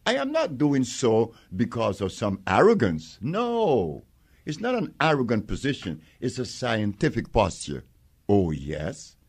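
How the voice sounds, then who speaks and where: A man's voice: mid-range voice, wildly swooping pitch, a little slow, breathy edge. An older man being interviewed, telling stories with emphasis and acting out quoted exchanges, laughing often. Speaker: interviewee, herbal healer. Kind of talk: conversational interview storytelling.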